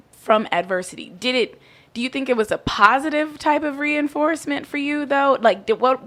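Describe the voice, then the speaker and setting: A woman's voice: a little high, a bit bright. A woman hosting a casual radio interview, chatty and full of "like". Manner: chatty, fills with "like". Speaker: radio host.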